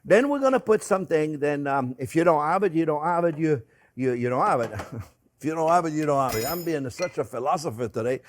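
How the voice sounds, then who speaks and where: Older French chef, higher voice. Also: male voice, lively intonation, brisk. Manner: chatty and joking, with frequent fillers and restarts. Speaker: chef and host. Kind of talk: casual cooking demonstration. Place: home kitchen.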